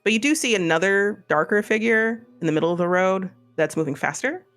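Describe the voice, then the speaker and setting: Quick and lively, this high, slightly bright male voice carries a Missouri accent as he narrates a horror tabletop game. He's the game master, and his style is casual and rambling, with faint music underneath.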